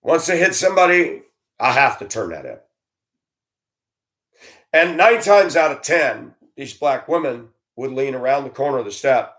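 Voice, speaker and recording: A man in his fifties, a school bus driver, delivering a blunt, animated rant with swearing and grumbling. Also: medium pitch, normal speed. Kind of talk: ranting monologue.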